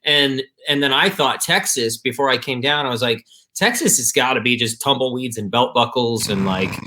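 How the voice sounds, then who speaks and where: A man from Michigan, a musician guest on a video call, telling stories in a rambling, relaxed way full of fillers. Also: mid-range voice, moderate pace. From Michigan, USA. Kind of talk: casual interview chat.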